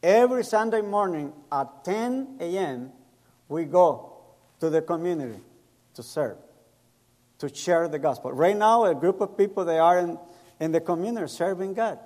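In a hall full of echo, a middle-aged Salvadoran pastor delivers a sermon built around personal stories. His male voice is high, expressive, and slightly mellow at a normal speed; he performs quoted voices and uses non-native grammar.

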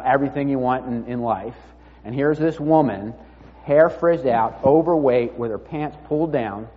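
A man preaching a sermon in a conversational, storytelling way, often dropping his voice low and quiet. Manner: conversational storytelling, drops to near-murmur. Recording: dull sound with long reverb in a hall.

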